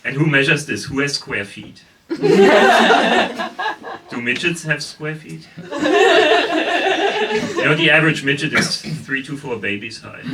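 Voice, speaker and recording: A man's voice: medium pitch, measured pace, long pauses, distant mic, a loud crowd. A man with a German accent doing a stand-up comedy set with sardonic, mock-incredulous asides. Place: basement comedy club stage.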